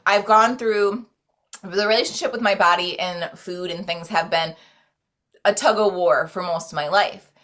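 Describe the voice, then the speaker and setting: A woman with a lowish, fairly bright voice and moderate pace appears as a podcast guest, chatting casually and earnestly about self-care and spirituality. She rambles, with many "like"s and restarts.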